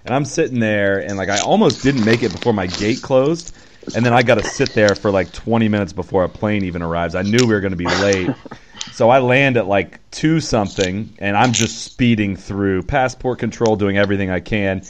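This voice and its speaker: Upbeat lower-voiced man hosting a podcast. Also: noisy background. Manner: upbeat, laughs often, quick asides. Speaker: podcast host. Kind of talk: casual golf podcast chat.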